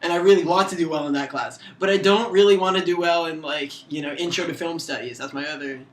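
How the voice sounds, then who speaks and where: A man's voice: a little high, quick pace. A young man in casual chat, filming a student video, rambling along with lots of fillers. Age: young adult. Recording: echoey room.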